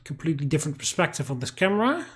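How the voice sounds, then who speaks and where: A man's voice: fairly high pitch, big pitch swings, racing, fairly bright tone. A man giving profane, angry let's-play commentary while ranting at a game. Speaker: gaming YouTuber.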